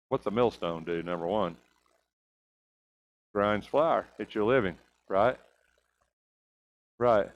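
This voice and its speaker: A man's voice: lowish voice, poor audio. A man teaching a church Bible class, asking rhetorical questions and often checking in with "right?".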